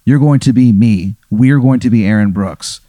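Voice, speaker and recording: A mournful half-machine man from the future, slow and grave in every word, as a man puts him on. The tone is dark and mellow, and the sound is dry. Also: medium pitch, no echo, lightly acted.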